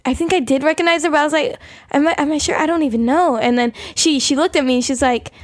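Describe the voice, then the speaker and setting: A woman's voice: sits high, quick pace. A young woman co-hosting a podcast, chatting casually and hesitantly with lots of restarts. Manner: rambling, hesitant, many restarts. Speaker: podcast co-host. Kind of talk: casual chat.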